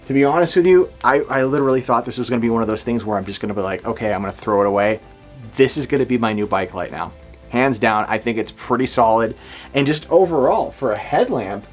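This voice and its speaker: A man with a New England accent, chatting enthusiastically and folksily while he reviews a headlamp outdoors at night. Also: medium pitch. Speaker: gear reviewer. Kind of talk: casual outdoor product review. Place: outdoors at night near woods.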